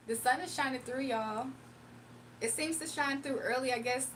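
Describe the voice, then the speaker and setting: A woman with a high voice runs a laid-back livestream doing readings, chatting with viewers, laughing easily and reading their messages aloud. She speaks a little slowly. She's a bit far from the mic, and faint room noise is audible.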